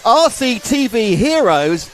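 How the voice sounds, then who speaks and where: Excitable man, bouncy high voice. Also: takes it slowly. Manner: excitable, bubbly, reads out viewer names. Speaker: race commentator. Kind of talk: live stream chat.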